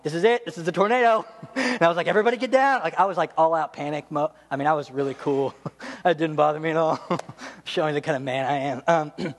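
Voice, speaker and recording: Animated man preaching in a reverberant hall. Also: on the high side. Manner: animated, jokey storytelling with laughs and playful voices. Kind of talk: humorous sermon.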